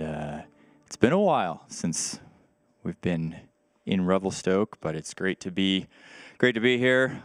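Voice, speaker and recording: Male pastor, conversational sermon delivery, smooth resonant voice, dry close sound. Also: low voice, no echo. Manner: conversational, reads scripture aloud. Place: church service.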